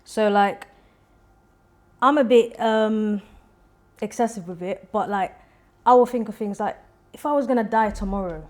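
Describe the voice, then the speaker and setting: A young woman, a singer-songwriter, chatting as a guest in an interview and telling stories with lively quoted voices. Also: medium pitch, unhurried, long pauses. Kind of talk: casual interview chat.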